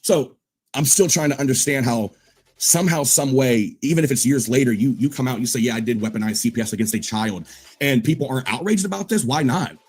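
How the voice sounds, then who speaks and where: Man in a heated panel argument, rapid-fire and accusing, husky tone. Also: medium pitch, a little mellow. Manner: confrontational, accusing. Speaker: panel guest.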